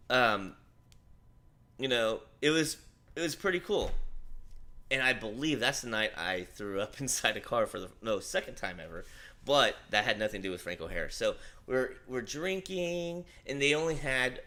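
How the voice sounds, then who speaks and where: Bright-voiced man telling a rambling story. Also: on the low side. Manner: rambling, animated, swears casually. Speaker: livestream host. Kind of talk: casual storytelling.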